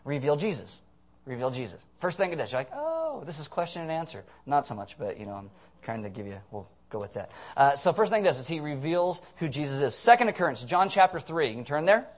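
A man preaching a sermon to his church as pastor, conversational and joking, loudly acting out voices in his stories. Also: medium pitch, very animated, fast. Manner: jokey, conversational, acts out quotes loudly. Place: church sanctuary.

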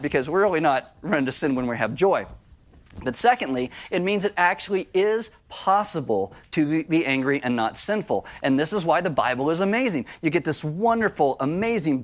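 A man preaching a sermon in a conversational style, breaking into acted-out asides. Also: on the high side. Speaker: pastor.

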